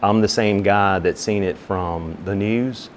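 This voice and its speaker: A man, a fire captain, telling a long personal story in an interview, acting out both sides of the conversations in a relaxed, chatty way. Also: lowish voice, measured pace, a little hiss or hum. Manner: relaxed, conversational, with many "you know" asides. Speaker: fire captain and business owner.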